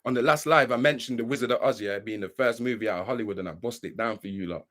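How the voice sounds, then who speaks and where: A livestream host with a medium-pitched, slightly bright voice talks quickly through an angry, profane, preachy rant. He admits he's worked up and keeps asking whether you understand.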